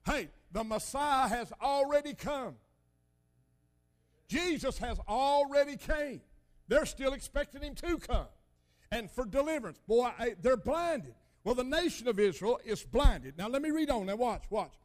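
Older male preacher, high voice, folksy and emphatic storyteller. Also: expressive, measured pace. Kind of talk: sermon.

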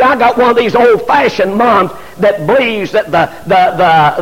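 A middle-aged man, preaching an impassioned sermon as a pastor, rising to shouts and stumbling over repeated fillers. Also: very high-pitched. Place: church. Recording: long hall reverb.

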